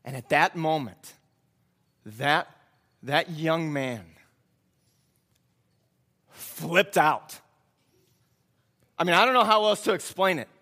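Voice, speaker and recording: A man's voice: fairly high pitch, animated, takes it slowly, pauses often, sharp tone. A man preaching a sermon, telling a story in an earnest, reflective way and often repeating his words.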